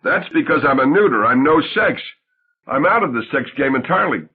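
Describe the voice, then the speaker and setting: A man plays a shy, oddball grown man in an audiobook play, husky and deadpan, dryly mocking himself. His voice still moves up and down a good deal under the flat delivery. It all comes through thin and tinny, like a phone line. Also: medium pitch, fairly quick.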